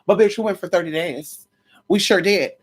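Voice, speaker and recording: A woman's voice: fairly low pitch, normal speed, breathy edge. A woman vlogging casually, telling a story in a sassy, gossipy way and swearing freely as she talks to her viewers. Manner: dramatic, expressive delivery.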